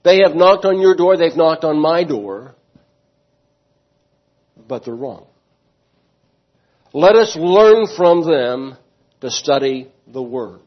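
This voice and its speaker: Husky-voiced man preaching a sermon. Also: fairly high pitch, highs cut off. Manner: emphatic preaching, asks the congregation questions. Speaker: pastor.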